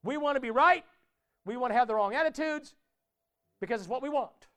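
A man preaches to his congregation in a church, speaking in a very high register. His tone stays smooth and clear. He talks in a loose, conversational way and keeps checking in with his listeners through questions. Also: a little fast, fairly bright tone. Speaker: pastor. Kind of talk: conversational sermon.

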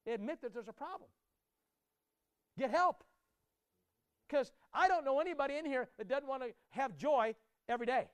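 High-voiced preacher with a smooth tone. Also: male voice, lively intonation, fast, no echo. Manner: emphatic, repeats words, builds to loud climaxes. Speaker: pastor. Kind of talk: sermon.

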